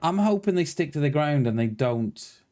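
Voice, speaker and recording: A man's voice: a little high, lively intonation, normal speed, dark tone. A man casually chatting to viewers as he plays a survival game, greeting them by name and thinking aloud. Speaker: streamer playing a survival game. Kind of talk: casual live-stream chat.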